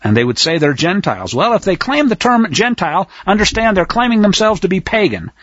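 Husky, emphatic male Bible teacher. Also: very animated, a little fast, no room sound, highs cut off. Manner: emphatic, blunt, preacherly, swings between loud and low. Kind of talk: Torah teaching sermon.

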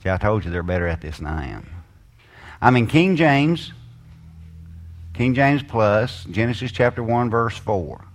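A man leading a Bible study, drawing out quoted verses slowly and giving asides to a helper. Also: lowish voice, sing-song. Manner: slows and stresses quoted scripture, asides to a helper. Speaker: Bible teacher.

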